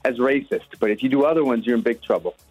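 A man's voice: medium pitch, fast talker, husky, dry recording, lo-fi sound, soft background music. A man, a singer guesting on a radio show, talking in a chatty, self-mocking way. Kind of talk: casual radio interview.

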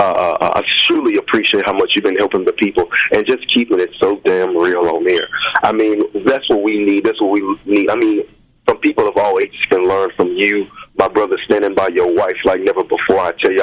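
A young man with a very deep voice calls in to a talk show. He is effusive but halting, and his sentences keep stalling on repeated fillers. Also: fairly even intonation, poor audio. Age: young adult. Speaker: caller.

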